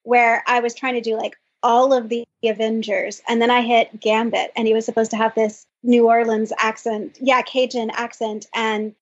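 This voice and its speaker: Woman co-host, higher breathy voice, lo-fi recording, wry and self-mocking. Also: flat delivery, normal speed, hardly any pauses. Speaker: podcast co-host. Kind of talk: casual podcast chat.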